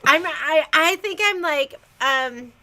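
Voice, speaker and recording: A woman's voice: high-pitched, slow pace, pushed and bright. A woman co-hosting a casual livestream, a mother of two who talks in a chatty, self-deprecating way and laughs between her words.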